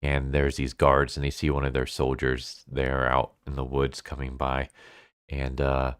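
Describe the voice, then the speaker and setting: A man with a very deep, smooth voice retells a comic's plot in a relaxed, chuckling way. He talks loosely, with plenty of filler words. The recording is dry and close. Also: unhurried, dry recording. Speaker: comic book reviewer. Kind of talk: casual review recap.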